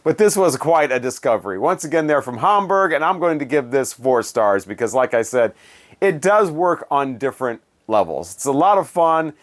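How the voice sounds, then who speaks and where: A man's voice: medium pitch, sing-song, moderate pace. A man casually reviewing old albums, rambling and joking, correcting himself as he goes. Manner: rambling, self-correcting, jokey. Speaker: music reviewer.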